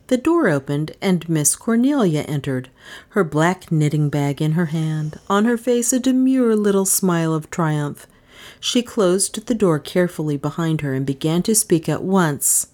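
Low-pitched woman narrator, lively and expressive, audiobook reading. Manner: expressive, measured storytelling. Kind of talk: scripted narration of a mystery novel.

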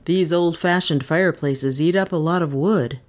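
A woman voicing a steady, guarded young man who speaks in low, warning mutters. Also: normal speed, natural voice.

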